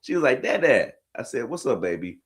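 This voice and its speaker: A man telling a funny family story as host, dropping to low asides and bursting into high laughing shouts. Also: very animated, quick pace. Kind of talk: storytelling comedy reaction.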